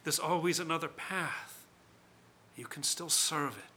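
A man voicing a calm, gentle young man of faith who speaks patiently. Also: on the high side, a little slow, a little hiss or hum.

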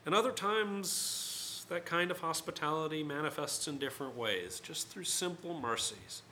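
A man's voice: on the high side, expressive, normal speed, bright, forceful tone, a little hiss or hum. A man, a writer, telling a personal story in a conversational, digressive way with many fillers.

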